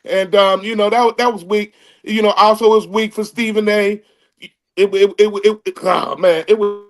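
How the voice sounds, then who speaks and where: A man's voice: high voice, moderate pace. A man arguing in a casual podcast debate over a video call, restarting his words often. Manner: animated, stammering restarts. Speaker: comedian panelist. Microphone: remote video call.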